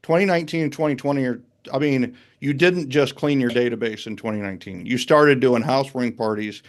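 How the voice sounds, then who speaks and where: A man hosting a podcast interview in casual, energetic talk, hyping up his guest. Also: medium pitch, a little fast. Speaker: podcast host.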